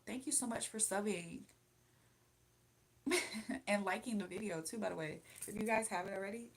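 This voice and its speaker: A young adult woman hosts a relaxed livestream and answers viewer comments. She rambles, laughs easily and jumps from topic to topic. Her pitch sits at an ordinary middle level. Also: gravelly. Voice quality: chatty and rambling with frequent laughs. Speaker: livestream host. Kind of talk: casual livestream chat reading viewer comments.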